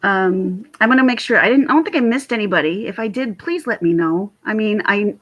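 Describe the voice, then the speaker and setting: A woman in her forties chatting casually with live viewers, telling rambling, animated stories. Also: medium pitch, fairly quick, dull audio. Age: 40s. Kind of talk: casual livestream chat. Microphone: computer mic.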